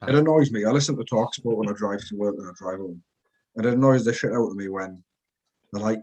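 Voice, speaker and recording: Sweary, animated man at a barbecue. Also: fairly low pitch, fast talker, breathy edge. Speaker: co-host. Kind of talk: casual banter.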